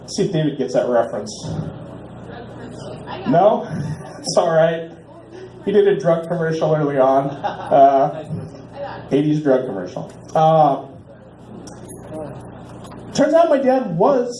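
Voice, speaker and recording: Man in his 40s, stand-up comic, mellow lowish-high voice, deadpan punchlines, echoey bar. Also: slight background noise. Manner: deadpan punchlines, drawn-out repeats waiting for laughs. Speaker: stand-up comedian. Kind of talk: stand-up comedy set. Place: small bar stage.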